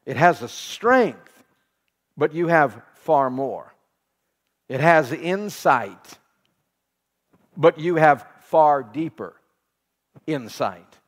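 A man's voice: a little high, animated, slow pace, pauses often. Preaching man in a reverberant hall. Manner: preacherly, repeats phrases for emphasis, asks the congregation questions; laughs while telling a home story. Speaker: pastor. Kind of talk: sermon.

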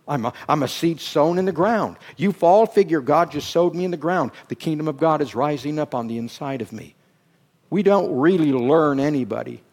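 A middle-aged man preaching a sermon, dropping to hushed, drawn-out phrases and then climbing into loud, emphatic bursts. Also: a little high. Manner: slow, drawn-out words for emphasis.

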